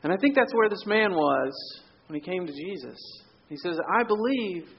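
Male pastor, relaxed storytelling sermon, fairly high voice, muted lo-fi sound. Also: moderate pace, vocal fry, a little hiss or hum. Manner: conversational storytelling, drops to quiet for emphasis.

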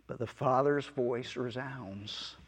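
A man preaching a sermon in a church hall, in an earnest, unhurried way. His voice sits at a middle pitch, and a long reverb trails each phrase. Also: breathy edge. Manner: slow, earnest preaching with soft asides and chuckles. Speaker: pastor.

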